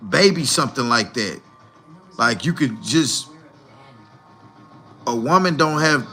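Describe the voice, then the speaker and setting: A man's voice: a little high, sharp tone. A man hosting a livestream, bluntly ranting and lecturing his viewers directly. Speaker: livestream host. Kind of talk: live commentary rant.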